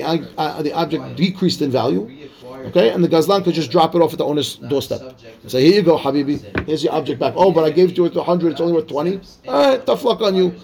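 High-ish gravelly guy rattling through a talmud class, keeps asking "okay?". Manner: quick, animated explaining with rhetorical checks. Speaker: rabbi teaching Talmud. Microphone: class microphone.

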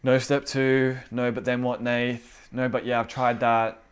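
A man's voice: medium pitch, level tone, a little slow, clean tone. A man preaching to a small indoor group in a casual, conversational way, acting out the inner voices of his listeners. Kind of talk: casual informal sermon.

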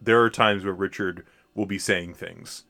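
A man co-hosting a podcast in casual chat, animated and laughing often, with quick bursts of mimicry. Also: low voice, gravelly, background noise. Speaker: podcast co-host.

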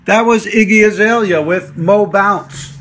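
A high-pitched man at a measured pace hosts a podcast, rambling through a casual comedic monologue full of jokey ranting asides.

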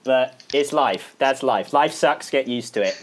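A young man co-hosts a comedy podcast in relaxed, casual chat. He jokes a lot and often trips over his words as he talks. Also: mid-range voice, unhurried. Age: young adult. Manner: joking, stumbling over words. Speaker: podcast co-host.

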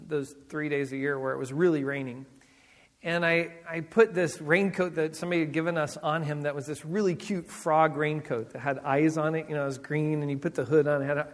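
Man, middle-aged pastor, high voice, animated storyteller, echoing hall. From Southern California. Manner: animated storyteller, acts out voices, laughs often. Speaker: senior pastor. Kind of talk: sermon with personal stories.

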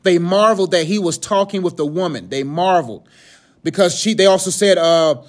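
A man's voice: high-pitched, fast talker. A young man giving a casual, joking sermon in slangy, conversational speech. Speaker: preacher.

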